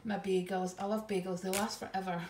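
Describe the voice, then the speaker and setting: Her medium-pitched, darkish voice stays level and moves a little fast. She's a middle-aged vlogger chatting homely and casual about her groceries, full of ums and slightly breathless. Echo and faint noise are present.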